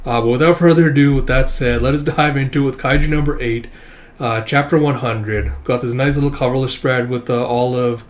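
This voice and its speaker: A man hosting his own channel, chatting loosely through a comic chapter at a mid pitch. He stumbles along with frequent "uh" fillers and breaks into small chuckles, relaxed and unhurried. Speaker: manga reaction channel host. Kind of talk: casual read-through commentary.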